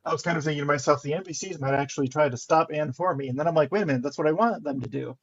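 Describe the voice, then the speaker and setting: A man chatting as a player in a tabletop role-playing game, rambling and animated, cursing when he gets worked up. His voice sits high for a man. The recording is dull and lo-fi. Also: racing, breathy edge. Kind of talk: casual tabletop game banter. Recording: dull lo-fi sound.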